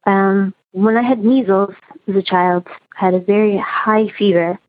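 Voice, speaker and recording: A woman caller telling a personal story in an earnest, halting, repetitive way over the phone. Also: mid-range voice, fairly even intonation, dry recording. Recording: tinny phone line with faint music.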